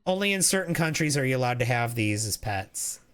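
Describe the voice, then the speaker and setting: A man's voice: mid-range voice, animated, fairly quick, a bit bright, smooth. A man streaming a game, chatting casually in a rambling way, reading chat aloud and often restarting his sentences.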